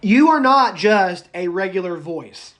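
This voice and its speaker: A man lecturing his college public speaking class online, animated and joking, drawing single words out slowly for stress. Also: high-pitched.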